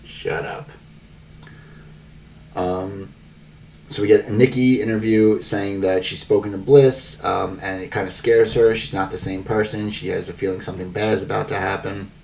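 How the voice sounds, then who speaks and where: A man's voice: on the low side, steady tone, moderate pace, gravelly, a little mellow, far from the mic, a little hiss or hum. A man hosting a podcast, recapping the week's wrestling in a rambling, wry way full of fillers. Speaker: podcast host.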